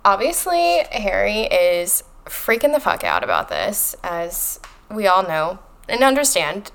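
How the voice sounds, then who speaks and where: A woman co-hosting a casual book-club podcast, animated and emphatic, swearing casually. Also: medium pitch, measured pace, creaky. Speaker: podcast co-host.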